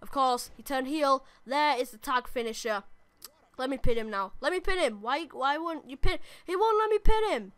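A young adult woman, rambling and commentating live on her own gameplay, often bursting into excited shouts at the game. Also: sits high, moderate pace, dry recording. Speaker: gaming YouTuber.

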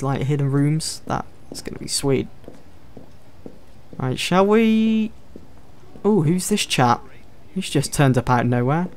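A man's voice: on the high side, a little hiss or hum. A man giving casual let's-play commentary, chatting and thinking aloud as he explores. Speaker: gameplay commentator.

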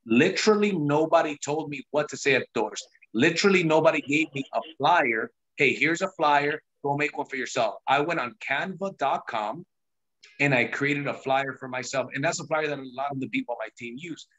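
A man's voice: a little high, fairly quick, fairly bright tone, lo-fi sound. Emphatic man giving a sales pep talk. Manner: emphatic, pushy, storytelling with lots of repetition. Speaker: host of a sales team call. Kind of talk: motivational sales talk on a call.

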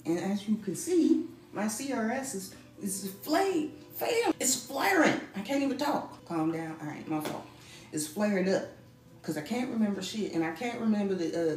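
A woman vlogging at home as a mother, talking to her viewers and herself in an animated way and sometimes dropping to a whisper. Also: medium pitch, moderate pace, soft background music. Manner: animated, talks to herself and the camera, drops to whispers. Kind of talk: casual vlog talk to viewers.

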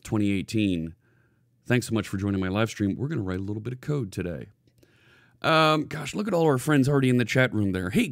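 A man's voice: mid-range voice, dry recording. A man hosting a live coding stream, talking casually from his green-screen studio. He greets viewers in the chat by name and often restarts his phrases. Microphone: hidden desk microphone.

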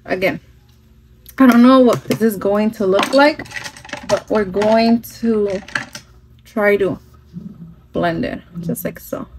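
A woman's voice: medium pitch, slow, pauses often, noisy background. A woman chatting casually through a makeup tutorial, mixing in phrases and swearing now and then, recorded on a phone at home. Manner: chatty, switching into Spanish phrases, some swearing. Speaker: makeup vlogger.

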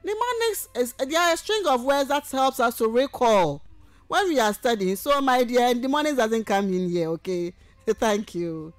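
A woman lecturer, teaching on radio and taking calls, who speaks warmly and affectionately and repeats points patiently. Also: on the high side, expressive, normal speed, no echo, soft background music. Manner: affectionate, calls listeners sweetheart and my dear. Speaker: university lecturer. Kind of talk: radio lecture with call-ins.

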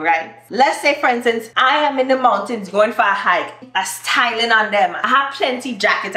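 A woman's voice: fairly high pitch, roomy sound. A woman vlogger, casually and playfully explaining slang. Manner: animated and playful.

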